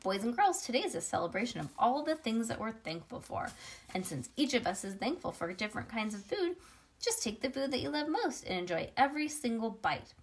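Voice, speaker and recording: A woman's voice: on the high side, very animated, a little fast. A strict but kindly male teacher addresses his class in a formal, announcing tone, as a woman reading a storybook puts him on. The voice stays close to the reader's own. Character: stern but kind male schoolteacher.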